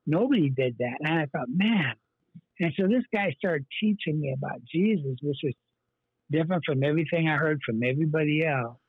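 A man with a husky, slightly high voice tells his story in a rambling, earnest way, full of fillers and restarts. The sound is tinny like a phone line and very dry. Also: brisk, no room sound. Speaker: pastor, guest. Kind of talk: telling his life story in an interview.

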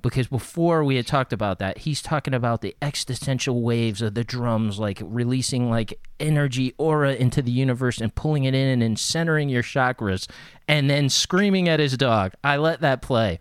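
A man's voice: medium pitch, brisk, clean tone, no echo, clean studio sound. A man telling stories in casual conversation, laughing and doing voices of the people in them. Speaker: guest, interviewer and music manager. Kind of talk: casual storytelling.

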